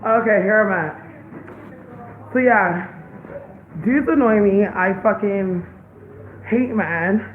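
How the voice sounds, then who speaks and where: A woman's voice: medium pitch, slow, pauses often, background noise. A young woman and parent chatting casually in a home vlog, loose and profane, with lots of "like". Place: home kitchen. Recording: tinny phone-like sound in an echoey room.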